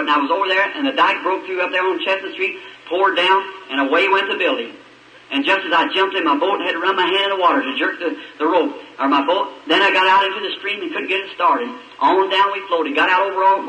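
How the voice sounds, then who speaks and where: A man's voice: high voice, sharp tone, reverberant, recorded from a distance, rough recording. A man preaching a sermon, telling a personal story in a fervent, pleading voice. It is an old radio recording. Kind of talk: sermon testimony.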